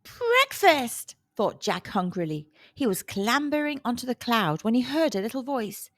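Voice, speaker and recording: A woman storyteller reading a children's storybook aloud with a slow, expressive delivery. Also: a little high, dry recording, studio quality.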